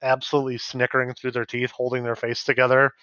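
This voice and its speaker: A man narrating as game master in a tabletop game, in a loose, halting way and laughing often. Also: mid-range voice, monotone, bright, forceful tone, clean tone, dry recording, highs cut off.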